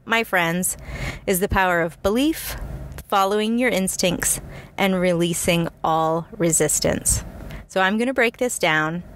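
A woman hosting a self-help podcast, telling a personal story in a chatty, animated way with frequent asides to the listener. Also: medium pitch. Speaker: podcast host.

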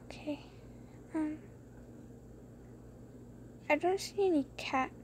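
A young woman chatting through a mouse game late at night, rambling and giggly, keeping her voice low so others can sleep. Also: slow pace, slight background noise. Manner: rambling, giggly, hushed to keep quiet. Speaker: gameplay streamer. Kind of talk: casual gameplay commentary. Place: bedroom at home late at night. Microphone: phone screen recorder.

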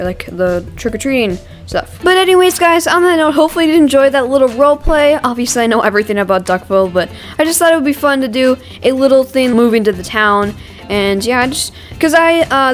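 An excitable young woman talks through her gameplay in a casual, chatty way, gasping at new things and restarting her sentences. Her voice sits a little high, with soft music playing underneath. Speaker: gaming channel host.

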